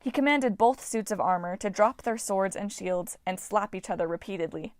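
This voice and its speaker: A woman reading a fantasy novel aloud as an audiobook narrator, voicing characters in a lively way. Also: moderate pace, no echo. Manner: lively, voices characters with shouts. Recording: dry, low-quality home recording.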